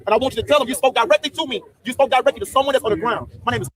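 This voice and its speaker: A man with a high, bright voice rallies a crowd outdoors, talking fast. He is rousing and profane, and he gets the crowd to chant his lines back to him. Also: no room sound. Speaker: protest speaker. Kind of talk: rally speech with call and response. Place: outdoors at a street protest.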